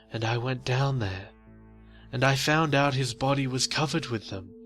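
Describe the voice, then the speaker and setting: A man's voice: medium pitch, a bit bright, voice pushed up, natural voice. A man voicing a frightened, slightly drunk older woman who pleads and rambles.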